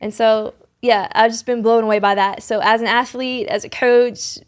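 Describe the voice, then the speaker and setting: A woman's voice: on the high side, fairly even intonation, normal speed, smooth. A young woman guest on a podcast, earnestly telling a faith story in conversation, rambling with many restarts and fillers. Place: podcast studio.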